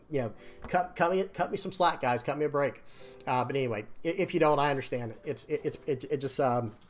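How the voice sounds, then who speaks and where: Young guy going over his card decks, kinda high voice, rambly, keeps restarting and saying sorry. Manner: rambling, self-interrupting, apologetic with quick laughs. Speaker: card game YouTuber. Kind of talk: casual chat while showing deck lists.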